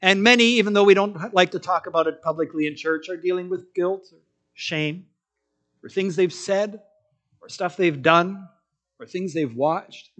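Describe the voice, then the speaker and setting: A man preaching a sermon, telling the story in an animated way and acting out quotes in different voices. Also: sits high, moderate pace.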